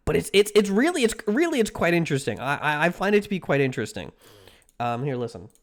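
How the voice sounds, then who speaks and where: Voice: mid-range voice, big pitch swings, a little fast. A livestreamer chatting casually with viewers, rambling with many restarts and filler words.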